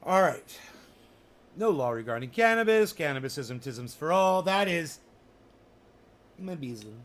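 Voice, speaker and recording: A livestream host with a somewhat high, animated voice speaks at an unhurried pace. He rambles through a profane, sarcastic rant in casual livestream chat.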